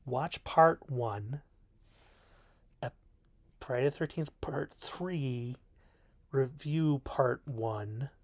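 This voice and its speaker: A man's voice: medium pitch, extremely slow, pauses often, no room sound. A man giving a rambling, jokey film review from his bedroom, often poking fun at himself. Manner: rambling, self-mocking, jokey. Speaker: video reviewer. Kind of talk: casual film review monologue.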